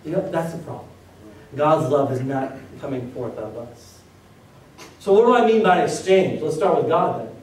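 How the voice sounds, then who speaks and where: A man delivers a sermon, pressing his listeners with one rhetorical question after another. His voice sits a little high for a man and sounds a touch far from the mic. It rings through a very echoey church hall. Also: expressive, normal speed, darkish tone. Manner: preaching with many rhetorical questions. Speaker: pastor. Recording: very echoey room, voice from a distance.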